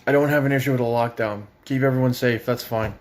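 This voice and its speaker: A man's voice: medium pitch, steady tone, fast, darkish tone. A young man from Ontario rants with a mid-range voice. He is angry and sarcastic and swears constantly. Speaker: parent ranting on video. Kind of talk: profane political rant.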